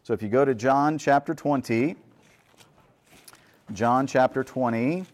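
In an unhurried, mid-range voice, a man delivers a sermon. He reads scripture aloud and talks through its meaning casually, tossing out rhetorical questions and checking in with listeners by saying "right?" again and again.

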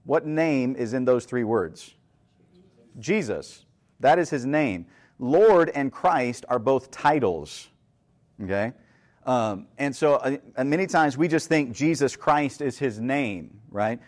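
A man's voice: mid-range voice, lively intonation, slow pace. Man preaching in a conversational sermon. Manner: conversational, asks rhetorical questions, frequent "right?". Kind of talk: sermon with scripture reading.

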